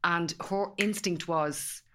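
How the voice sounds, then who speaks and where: A woman's voice: on the low side, takes it slowly, a bit bright. A woman with a Dublin Irish accent, a guest on a casual podcast chat, telling stories in an emphatic, colloquial way. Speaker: guest, empowerment specialist.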